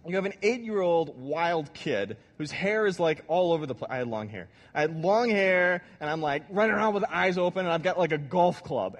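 A man preaching a sermon, telling a childhood story with animated, audience-directed delivery. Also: on the high side. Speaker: pastor. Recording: long hall reverb.

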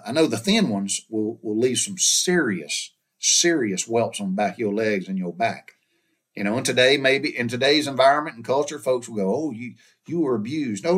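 Husky Southern man telling a rambling story. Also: mid-range voice. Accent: Southern American. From American South. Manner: rambling, folksy, repeats and restarts words. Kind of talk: casual personal storytelling.

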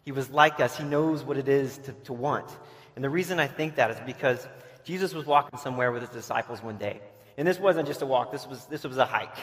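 A man's voice: mid-range voice, fairly bright tone. A man giving a casual sermon to a camp audience, telling stories and restarting his sentences often. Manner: conversational, restarts often, acts out quoted voices. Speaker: camp speaker. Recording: long hall reverb.

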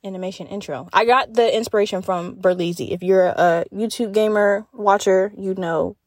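A woman's voice: mid-range voice, fairly even intonation, moderate pace, a little mellow, no echo, studio quality. A young woman hosting a podcast in casual chat, candid and profane, telling stories with lots of fillers. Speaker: podcast host.

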